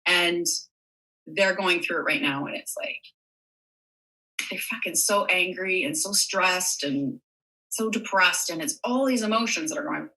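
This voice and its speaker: A woman's voice: on the low side, a little slow, pushed and bright, distant mic, low-quality recording. A woman in her thirties speaking frankly and openly as a podcast guest, swearing casually. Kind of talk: candid podcast conversation.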